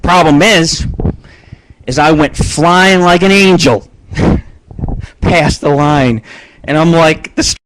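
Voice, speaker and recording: A man with a fairly high, somewhat bright voice talks slowly, leaving long pauses, as he hosts his live internet radio show from a home studio on video. His stories ramble and turn crude, peppered with swearing and laughter. The recording is dry and the audio poor.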